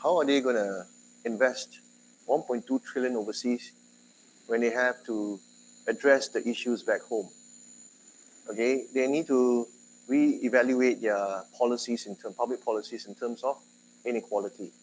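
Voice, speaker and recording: A male university lecturer speaks Singaporean English with a slight Malay tinge, in a middle-pitched voice. He talks to the class in a loose, conversational way, throws questions at the students and often jumps up in pitch and volume. A faint hum of background noise runs under him. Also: normal speed, rough recording.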